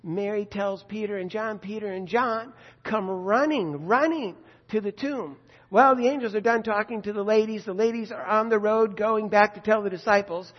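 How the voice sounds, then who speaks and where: A man's voice: high voice, normal speed, muffled recording. Man preaching in an echoey hall. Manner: conversational, vivid retelling with rhetorical questions. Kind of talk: sermon storytelling.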